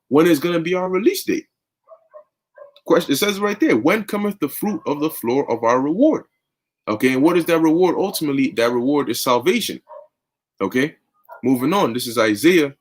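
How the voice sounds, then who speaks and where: Man, young adult preacher, fervent casual scripture talk, husky, slightly high voice. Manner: fervent, conversational, often says "man" and "okay". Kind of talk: informal scripture teaching.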